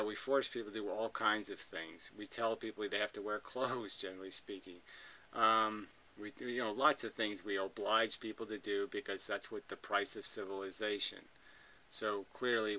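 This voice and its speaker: A man hosts a commentary video, ranting bluntly and combatively while swearing freely. His lowish voice sounds pushed and bright, and the audio quality is poor.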